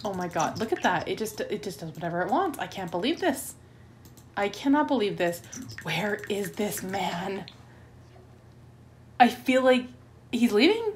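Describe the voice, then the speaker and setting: A woman's voice: medium pitch, expressive, measured pace, a little hiss or hum. A woman hosting a let's play, giving chatty gameplay commentary and getting easily flustered and melodramatic.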